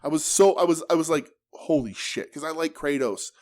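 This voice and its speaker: Profane, animated male podcast co-host. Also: on the high side, fast. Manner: profane, animated, mimics promos. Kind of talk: casual wrestling chat.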